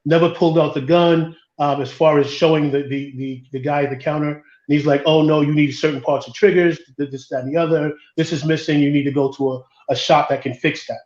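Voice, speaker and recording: A man, a podcast co-host, tells a personal story in a group discussion, halting and repeating words as he goes. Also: fairly high pitch, fairly even intonation, a little mellow, roomy sound, lo-fi sound.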